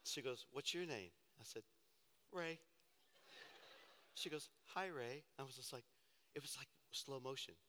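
A man preaching a sermon, telling a personal story with animated, self-deprecating humor in a church auditorium. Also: medium pitch, a little fast, slight background noise. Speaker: pastor. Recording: hall reverb.

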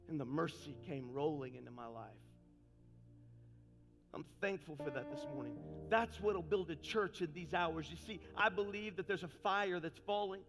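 High-voiced preacher in a reverberant church. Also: male voice, moderate pace. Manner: impassioned, building to fiery calls. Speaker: pastor. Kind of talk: sermon. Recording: long reverb with faint music.

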